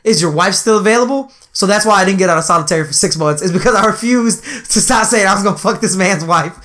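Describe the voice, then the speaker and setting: A man's voice: high-pitched, fast. A man in casual chat, telling a story with lots of swearing and frequent laughter. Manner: animated, profane, laughs often.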